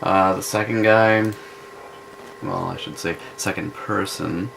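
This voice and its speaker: Slow, gravelly, scornful man. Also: low-pitched, fairly even intonation, fairly bright tone, slight background noise, poor audio. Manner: scornful, rambling, slow drawl with restarts. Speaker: vlogger. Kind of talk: casual spoken commentary.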